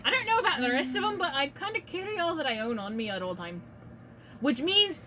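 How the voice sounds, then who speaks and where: A woman with a high, animated voice banters crudely at a tabletop game. She is loud and laughs often. Clear background noise runs under her voice. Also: fairly quick. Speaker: player.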